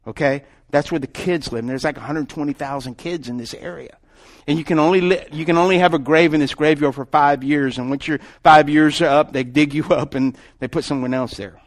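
A man, preaching a sermon as pastor, emphatic, swinging from loud calls to hushed storytelling. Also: on the high side, fairly even intonation, brisk.

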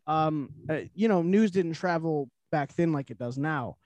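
A man's voice: fairly high pitch, unhurried, a little mellow, no room sound. A man hosting a casual podcast chat, rambling with lots of restarts and filler words. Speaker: podcast host.

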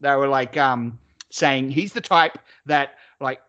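A man's voice: mid-range voice, slow pace, pushed and bright, dull audio. A man co-hosting a casual sports chat podcast, rambling, swearing freely and laughing often. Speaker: podcast co-host.

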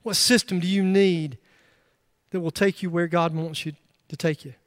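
A middle-aged male pastor preaching a sermon, emphatic, swinging into loud bursts and joking asides. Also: high-pitched, fairly even intonation, moderate pace, no echo, studio quality.

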